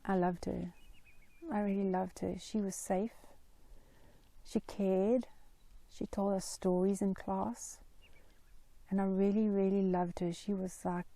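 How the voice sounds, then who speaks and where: Middle-aged woman, gravelly dark voice, earnest and reflective, dry close sound. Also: mid-range voice, flat delivery, no echo. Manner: earnest, reflective, slow and deliberate. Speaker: Christian mental health vlogger. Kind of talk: personal story told to camera.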